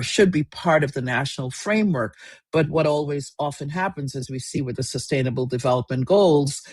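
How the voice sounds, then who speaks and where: A man's voice: mid-range voice, no echo. Rambling man moderating a seminar. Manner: thinking aloud, many restarts and fillers. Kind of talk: unscripted moderating.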